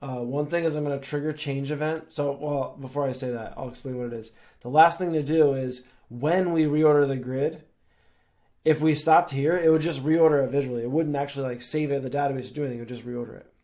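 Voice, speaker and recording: A young man casually explaining a no-code web app build step by step, with a relaxed, filler-laced delivery. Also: mid-range voice, fairly quick. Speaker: software tutorial presenter. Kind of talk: screen-share coding tutorial.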